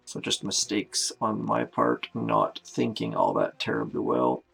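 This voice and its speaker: A man's voice: very deep voice, big pitch swings, unhurried, gravelly, fairly bright tone, husky, soft background music. A man from Canada giving chatty live commentary while playing a strategy game, greeting viewers as he goes. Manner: chatty, self-narrating, greets viewers by name. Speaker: game streamer.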